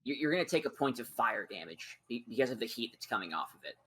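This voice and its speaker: A man's voice: mid-range voice, quick pace, slightly rough. A man acting as game master, narrating a tabletop game in an easygoing, descriptive way. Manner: easygoing, describes scenes in relaxed detail.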